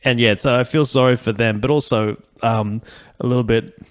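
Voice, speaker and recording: A comedian chatting loosely on a podcast, rambling, swearing and laughing often. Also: male voice, medium pitch, steady tone, moderate pace. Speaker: comedian guest. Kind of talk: casual podcast chat.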